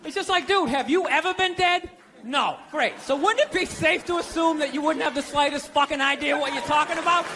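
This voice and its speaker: A man doing a stand-up comedy set on a large stage, ranting sarcastically with lots of swearing and punchy, animated delivery. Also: extremely high pitch, brisk, noisy background. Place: large stage before a live audience. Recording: live show, loud crowd laughter.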